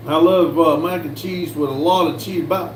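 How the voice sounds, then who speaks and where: A man hosting a casual livestream, reading viewer comments aloud slowly and answering them with lots of fillers. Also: on the high side, steady tone. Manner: slow, drawling, reads comments aloud with fillers. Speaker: livestream host reading chat. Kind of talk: casual live chat. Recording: echoey room with faint background noise.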